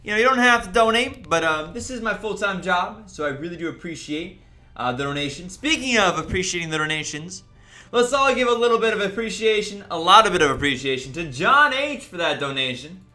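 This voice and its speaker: Upbeat high-voiced streamer in an echoey room. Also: male voice, lively intonation, bright, forceful tone. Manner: upbeat, greets chat viewers rapidly by name. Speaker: livestream host. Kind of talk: casual livestream chat. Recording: roomy echo, faint music behind.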